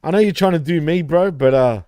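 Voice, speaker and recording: A man's voice: on the high side, brisk, warm tone, no echo. Profane man in banter. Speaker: podcast co-host. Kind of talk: casual podcast chat.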